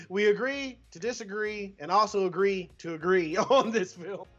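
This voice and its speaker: A man's voice: high voice, measured pace, a bit bright, faint music behind. A man co-hosting a film review podcast, chatting casually and playfully, laughing often. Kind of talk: casual chat. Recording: dull lo-fi audio.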